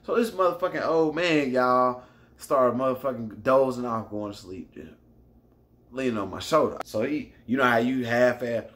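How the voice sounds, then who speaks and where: Bright-voiced man telling a story. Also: medium pitch, moderate pace. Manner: animated, profane, addresses listeners directly. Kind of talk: casual storytelling vlog.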